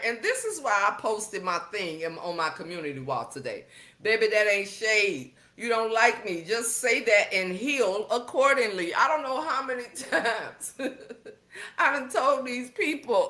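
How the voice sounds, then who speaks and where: A woman's voice: fairly high pitch, a bit bright. A woman hosting a casual livestream, reading viewer comments in a playful, teasing way and laughing often. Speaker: livestream host.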